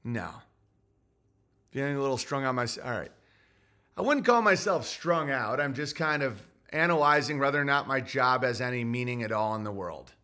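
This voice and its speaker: A man's voice: mid-range voice, normal speed, sharp tone. A man hosting a solo livestream, reading super chats in a grumpy, sarcastic ranting way.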